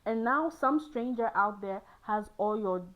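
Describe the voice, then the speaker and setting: A young woman chatting casually to camera as a host, lively and laughing often, jumping into high squealing exclaims. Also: unhurried, poor audio. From Ghana.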